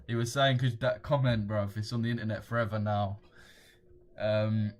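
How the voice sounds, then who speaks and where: Slangy young man, low-voiced. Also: flat delivery, normal speed, a little hiss or hum. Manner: blunt, slangy, swears freely, chuckles while reading chat. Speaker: trading livestream host. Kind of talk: casual livestream chat, reading viewer comments.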